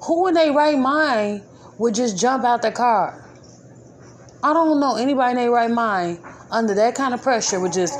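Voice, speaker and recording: With a high-pitched voice and lively intonation, a podcast host talks at a moderate pace, informal and colloquial. She hammers her points home through indignant repetition, and there's slight background noise.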